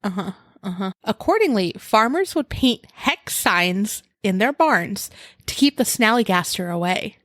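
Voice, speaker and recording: A woman's voice: medium pitch, sing-song, a little slow, a bit bright, no echo. A woman co-hosting a podcast in casual chat, wry and teasing, laughing often. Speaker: podcast co-host.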